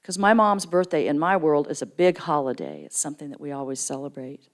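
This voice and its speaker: A middle-aged woman giving a storytelling sermon in church, jumping into lively character voices for quoted people. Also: a little fast. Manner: animated storyteller, acts out quoted voices with big pitch jumps. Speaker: guest speaker at church. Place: church sanctuary.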